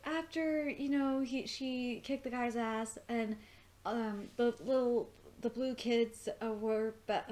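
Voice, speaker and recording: A young woman giving an excited, profane, gushing review of a cartoon episode in casual chat. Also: medium pitch. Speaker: video reviewer.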